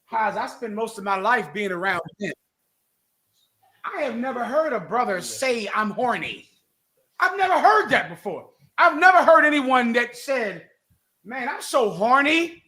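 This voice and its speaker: A man hosting a live talk show, mocking and animated as he rants. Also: extremely high pitch, normal speed. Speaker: host. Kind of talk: heated live radio commentary.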